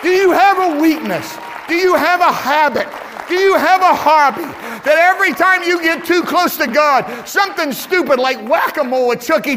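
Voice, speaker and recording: A man delivers a sermon from the pulpit of his church, his voice high and bright. He presses his points with shouts and repeated words. A long reverb from the hall follows every line. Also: slight background noise. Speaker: pastor.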